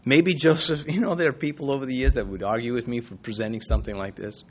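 A man's voice: mid-range voice, steady tone, fast talker. A man preaching an expository sermon in a conversational way, reading scripture and acting out quoted voices with the odd chuckle.

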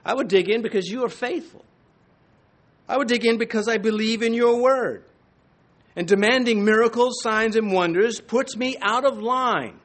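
A man preaching a sermon from the pulpit, emphatic and full of rhetorical questions. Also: sits high. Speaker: pastor.

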